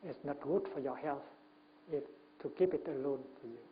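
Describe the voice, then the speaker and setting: A man, a Buddhist monk, giving a Dharma talk at a retreat, speaking gently in short phrases with many pauses and fillers. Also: medium pitch. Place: retreat talk before an audience. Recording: muffled lo-fi recording with faint hum.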